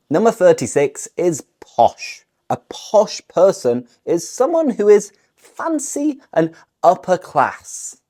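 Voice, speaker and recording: A woman from the north of England with a Northern English accent, teaching English phrases in a clear, deliberate way. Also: low-pitched, big pitch swings, mellow. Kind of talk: scripted language lesson.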